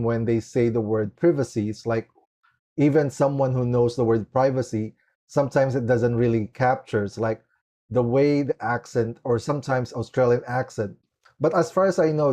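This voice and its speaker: A man's voice: medium pitch, dark tone. A man hosting a podcast interview in a casual, rambling way, leaning heavily on "like" as he talks. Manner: rambling, heavy use of "like" and "it's like". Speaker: podcast host.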